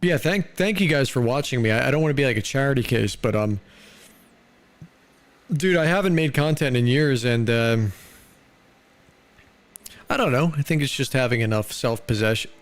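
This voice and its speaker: A man's voice: mid-range voice, expressive, normal speed, pauses often. An American man chatting casually on a live stream, loose and rambling, full of "dude" and "like".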